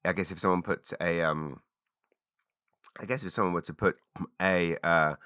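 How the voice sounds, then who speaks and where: Guy in his 40s, low sharp voice, rambly solo chat w loud bursts, dry close sound. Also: moderate pace, clean tone, dry recording. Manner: rambling and animated, with sudden loud exclaimed bursts. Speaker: podcast host. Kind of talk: solo chat answering listener questions.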